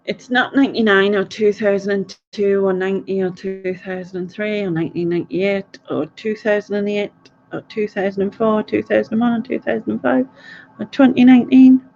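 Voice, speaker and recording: A woman's voice: mid-range voice, steady tone, fairly quick, vocal fry. A woman hosts a casual quiz stream. She rambles through stories and laughs often. Her voice comes through dull, lo-fi audio. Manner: chatty, rambling, laughs a lot. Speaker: quiz host. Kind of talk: casual live stream chat.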